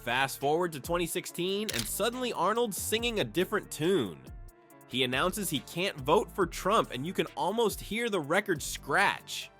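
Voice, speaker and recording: Male narrator, slightly high voice, lively and snarky, with faint music underneath. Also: moderate pace. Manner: snarky, punchline-driven. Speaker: commentary narrator. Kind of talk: scripted comedic narration.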